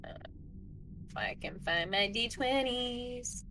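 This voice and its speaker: A woman's voice: fairly high pitch, expressive, slow, pushed and bright, slight background noise, rough recording. A woman playing a tabletop game, chatting casually, playful and decisive. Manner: playful, decisive, laughs often. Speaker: player.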